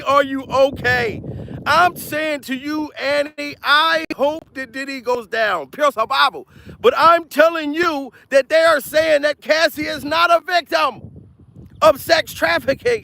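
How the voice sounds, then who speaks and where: High, gravelly man ranting on a vlog. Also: slight background noise. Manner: loud, repetitive, laughing between rants. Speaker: comedian vlogger. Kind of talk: profane comedic commentary vlog. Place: outdoors.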